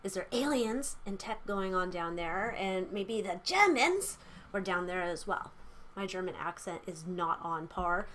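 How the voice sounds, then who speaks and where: A woman's voice: fairly low pitch, expressive, unhurried, a bit bright, a little hiss or hum. A young adult woman hosting a casual tarot reading vlog from a small room at home, rambling and giggly. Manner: chatty, rambling, giggly asides. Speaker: tarot reader. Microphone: camera mic.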